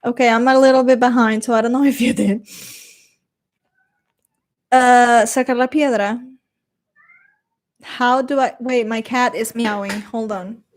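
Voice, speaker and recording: A woman's voice: on the high side, fairly even intonation, unhurried, pauses often. A young woman streamer chatting casually with her chat and reading comments aloud, rambling, swearing now and then and slipping into Spanish.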